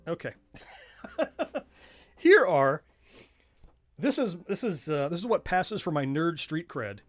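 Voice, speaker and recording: The voice is a little high and sing-song, and he speaks slowly. He's a middle-aged man with a Southern US accent hosting a relaxed livestream from his home workspace, rambling off on tangents as he chats.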